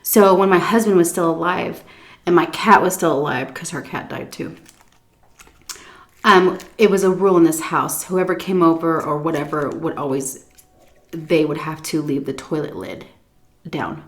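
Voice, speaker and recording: Animated woman telling a story, lowish voice. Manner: animated storytelling that drops to muttered asides, swears casually; pauses for chewing and stomach noises while talking. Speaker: food vlogger. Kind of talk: story time while eating on camera.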